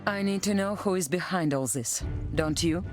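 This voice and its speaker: A woman's voice: on the low side, normal speed, music in the background, natural voice. A woman voicing a determined female covert agent in a video game, speaking in a curt, focused way.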